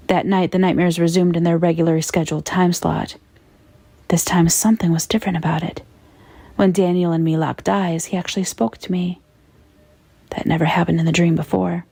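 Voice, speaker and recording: A woman narrating a horror story in a measured, grave tone. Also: fairly low pitch, vocal fry, mellow, no room sound.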